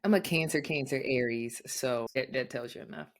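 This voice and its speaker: A woman's voice: rumbling low, a little fast, a little hiss or hum. A woman co-hosting a podcast, talking in a blunt, sassy, casual way and swearing freely. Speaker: podcast co-host. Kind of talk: casual chat.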